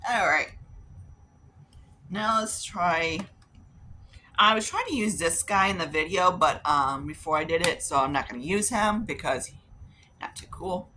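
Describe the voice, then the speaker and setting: A woman talks through her makeup routine in a loose, rambling way, drifting into stories and putting on little voices for the people in them. Her voice is bright and forward, with a faint hiss of noise underneath. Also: on the low side, lively intonation, a little slow, pauses often. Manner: rambling, chatty, acts out quoted voices, swears casually. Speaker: beauty vlogger. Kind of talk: casual chatty storytelling while doing makeup.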